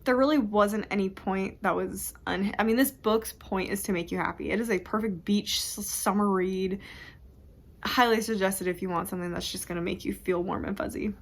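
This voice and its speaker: A woman's voice: medium pitch, fairly even intonation, moderate pace. A young woman chatting casually about books at home for her vlog, rambling and interrupting herself. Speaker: book vlogger. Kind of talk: casual chat.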